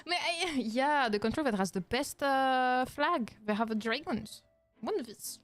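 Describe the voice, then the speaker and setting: A young woman with a strong French accent chats on stream in a bright, high register, with faint music behind her. She is playful and mock-indignant, laughs easily and drops in French words. Her English is her second language and comes out in loose, charming phrasing. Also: expressive, unhurried, dry recording. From France. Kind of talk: casual react-stream chat.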